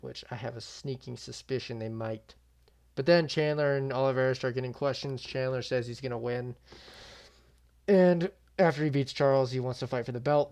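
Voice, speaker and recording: A man's voice: mid-range voice, darkish tone. A young man giving casual, slangy reaction commentary, swearing freely and often trailing off mid-thought. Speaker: YouTube MMA commentator.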